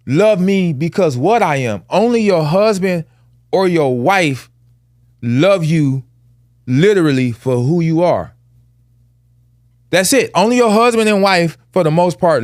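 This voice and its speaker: A man holds forth on a casual podcast, stacking his points through repetition like a sermon. His voice sits slightly high and the sound is dry and close, with no room around it. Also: very animated, measured pace, pauses often, a little mellow, dry recording. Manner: emphatic and preachy, builds points through repetition and lists; blunt, plainspoken vernacular. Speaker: podcast co-host. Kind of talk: casual chat.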